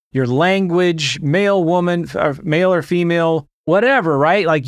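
A man hosting a podcast, opening the episode with an energetic monologue full of rhetorical questions to his listeners. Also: high-pitched, dry recording, studio quality. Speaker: podcast host.

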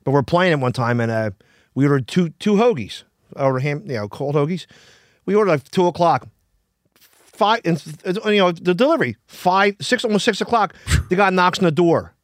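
A man's voice: high-pitched, lively intonation, moderate pace, no room sound, studio quality. A man on a podcast, telling rambling anecdotes in casual chat, with frequent restarts. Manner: rambling, restarts, laughs often.

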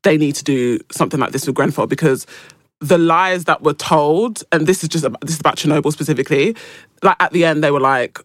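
A young woman co-hosting a podcast, talking in an animated, expressive way in casual chat. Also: low voice, fairly quick, no room sound, studio quality. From Caribbean heritage. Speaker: podcast co-host.

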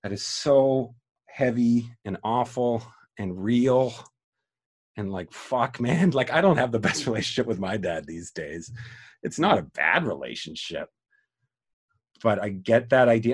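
Podcast host, male, lowish pitch, loose rambling delivery with frequent restarts. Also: husky. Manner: rambling, many restarts and fillers, swearing, emotional. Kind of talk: casual film discussion.

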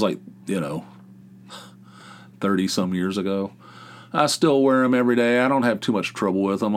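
Rambling, profane middle-aged man. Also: fairly low pitch. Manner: rambling, profane, easily sidetracked. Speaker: podcast host. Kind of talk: casual solo podcast monologue.

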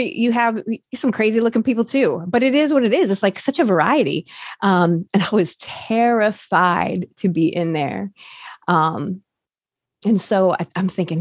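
A woman, now a recovery coach, tells her recovery story candidly and ramblingly, full of fillers and restarts. Her lowish voice is recorded at studio quality with no echo.

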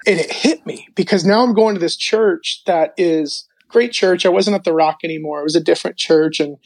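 A man speaks as an interview guest, recounting his personal faith testimony. His telling is animated and loose, with frequent filler words and restarts. His voice is close and dry, with no room sound. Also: high voice, fairly quick, hardly any pauses, no echo.

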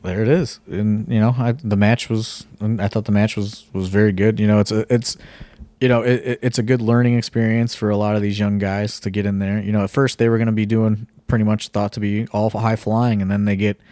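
A man's voice: on the low side, flat delivery, a little fast, warm tone, no echo. A man co-hosting a casual podcast, telling a rambling story full of fillers and the odd swear word. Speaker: wrestling promoter and podcast co-host.

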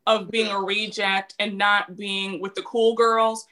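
A woman guest in a casual chat who speaks in a measured, agreeable way. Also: medium pitch, level tone, sharp tone. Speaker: guest, recapper.

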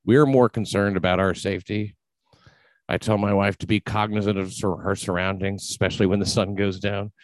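A man's voice: on the low side, fairly even intonation, brisk, no echo. A man hosting a podcast, talking casually in a rambling, profane way with many restarts. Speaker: podcast host. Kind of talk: casual chat.

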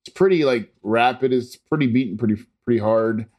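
A man's voice: mid-range voice, fairly quick, a little mellow. A man earnestly telling a personal story in a casual, rambling way, with frequent restarts and fillers. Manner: imitates monitor beeps.

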